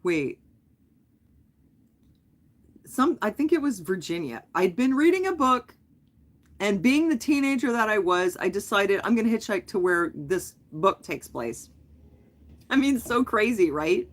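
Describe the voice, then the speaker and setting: Hosting a livestream, a middle-aged woman tells a long, rambling story, casual and packed with fillers and self-corrections. Her medium-pitched voice is very animated yet unhurried, with long pauses.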